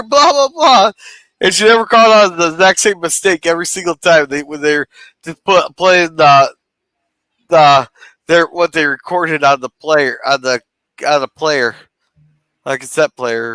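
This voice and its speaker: Guy co-hosting a chatty recap, smooth clear voice, swears a bit. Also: a little high, sharp tone, no room sound. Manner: loose, swearing, bursts into singing. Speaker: podcast co-host recapping an episode. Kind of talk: casual chat.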